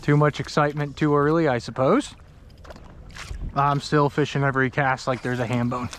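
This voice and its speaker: A man's voice: medium pitch, little pitch movement, normal speed, a bit bright, slight background noise. A man hosting a fishing trip vlog, talking casually outdoors on a river raft with wry, joking, self-deprecating commentary.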